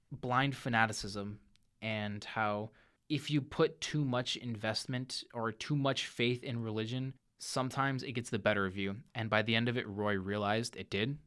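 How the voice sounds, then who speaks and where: Speaking in a lowish voice, a young movie-review podcast host gives a relaxed, energetic retelling of a film's plot. Now and then he briefly acts out what the characters say.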